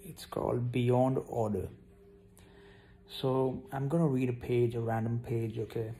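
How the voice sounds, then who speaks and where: A young man chats to his camera in a rambling, self-mocking way, his voice gravelly and mellow. He sounds a bit tired, with faint noise in the background. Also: medium pitch, steady tone, measured pace. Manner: scattered, self-mocking, talks straight to viewers. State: yawning, tired. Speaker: vlogger. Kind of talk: casual rambling vlog to camera.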